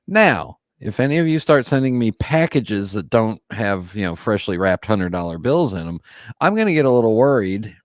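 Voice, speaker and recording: A man's voice: on the low side, no room sound, studio quality. A man who is a podcaster guesting on a casual livestream chat, emphatic, with wry asides and repeated words.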